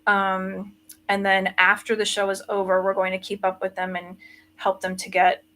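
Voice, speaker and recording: A woman's voice: mid-range voice, completely flat delivery, normal speed, sharp tone, slight background noise. A woman guest in a casual interview, chatty and joking about herself. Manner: chatty, self-deprecating humor.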